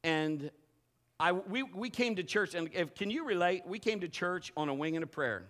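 A middle-aged man preaching a sermon in a church service, telling personal stories with loud bursts and quiet asides. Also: normal speed. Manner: animated storytelling, swinging between loud bursts and low asides. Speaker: pastor.

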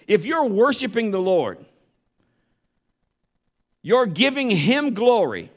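Pastor guy preaching, fairly high voice, gets loud then drops way down to hushed storytelling. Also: big pitch swings, slow pace. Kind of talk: sermon.

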